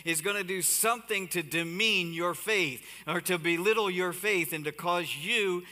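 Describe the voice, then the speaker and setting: Man, pastor, sermon, bright voice, reverberant church hall. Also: high voice, normal speed. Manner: animated, laughs and asides to the congregation. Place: church sanctuary. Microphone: body-worn mic.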